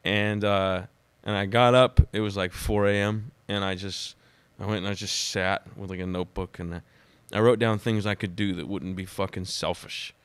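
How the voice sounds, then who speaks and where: A man who is a podcast guest, telling personal stories in a dramatic, animated way during casual conversation. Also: fairly low pitch, moderate pace, hardly any pauses, clean tone, no echo.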